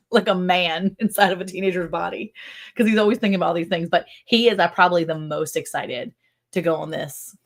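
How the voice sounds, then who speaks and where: A middle-aged woman hosting a casual livestream chat. She is chatty, quick to laugh, and fills her talk with "like". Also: lowish voice, fairly even intonation. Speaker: ranch channel host.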